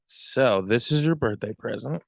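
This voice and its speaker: A young adult man co-hosting a podcast, chatting casually in a halting, rambling way. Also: mid-range voice, expressive, vocal fry, dry recording. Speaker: podcast co-host. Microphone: close podcast mic.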